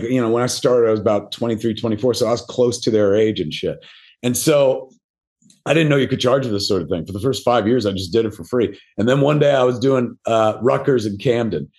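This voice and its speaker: A middle-aged man spins loose, rambling anecdotes as a podcast guest, swearing freely and leaning on fillers. His delivery is casual and self-mocking, and his voice sits at an ordinary male pitch. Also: darkish tone. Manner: self-deprecating. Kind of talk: casual storytelling interview.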